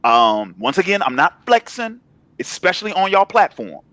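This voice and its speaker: A man's voice: high voice, very animated, normal speed, fairly bright tone, no room sound. Laid-back slangy man, dry close sound. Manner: laid-back, slangy, repeats himself when building a point. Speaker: guest, comic writer. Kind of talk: casual interview chat.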